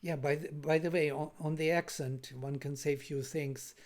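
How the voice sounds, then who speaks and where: Lecturer, online lecture, video-call sound, patient step-by-step explaining, middle pitch. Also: fairly even intonation, moderate pace, a little mellow. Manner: explanatory, checks in with listeners with "yeah?". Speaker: linguist lecturing on Vedic accent.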